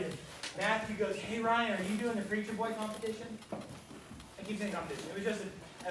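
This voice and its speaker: A man leading a kids church sermon, telling stories with animated quoted voices and quizzing the children. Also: high-pitched. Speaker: children's pastor. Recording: very echoey room, voice from far off, noisy.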